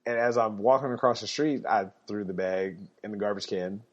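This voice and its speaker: A man's voice: lowish voice, a little fast, highs cut off. A man telling a story in a laid-back way on a podcast, laughing now and then. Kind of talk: casual storytelling.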